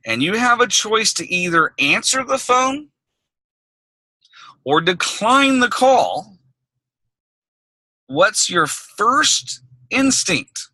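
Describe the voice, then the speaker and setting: A man's voice: fairly high pitch, sharp tone, dry recording, poor audio. A man coaching business owners on a group call, talking in an emphatic, conversational way and checking in with "okay?" between points. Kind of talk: recorded group call teaching.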